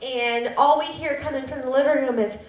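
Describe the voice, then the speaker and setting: A woman's voice: high-pitched, steady tone, a little fast, roomy sound. A woman in her thirties telling a personal story live at a public storytelling event, self-deprecating with laughing asides.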